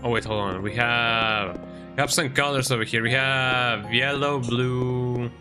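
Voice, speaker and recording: A young man chats loosely over his gameplay at an ordinary pitch, trailing off and restarting as he goes. He slips into soft baby talk for his cat now and then. Game music plays clearly underneath him. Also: fairly even intonation, measured pace. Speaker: streamer. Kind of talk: casual gameplay commentary.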